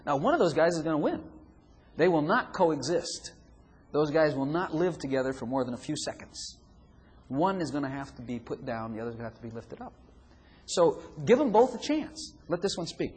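A man's voice: a little high, lively intonation, normal speed. A man preaching a sermon who acts out inner voices and chuckles often. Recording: long hall reverb, faint room noise.

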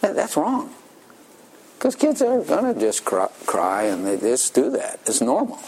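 A man's voice: mid-range voice, huge pitch swings, measured pace, vocal fry, a little mellow, slight background noise. An older man preaching a sermon in a folksy storytelling manner, chuckling often.

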